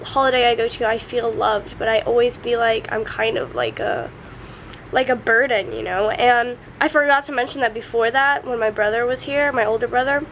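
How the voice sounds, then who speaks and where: A woman's voice: on the high side, moderate pace, a bit bright, slight background noise. A young woman tearfully recounting family hurt in a personal vlog, breaking into sobs and leaning on "like" often. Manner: many fillers like "like". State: crying. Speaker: vlogger.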